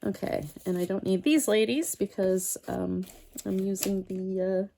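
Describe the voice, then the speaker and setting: Woman crafting host, casual rambling chat, mellow gravelly voice. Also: mid-range voice, steady tone, a little slow, a little hiss or hum. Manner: chatty, rambling storyteller, talks to herself while working.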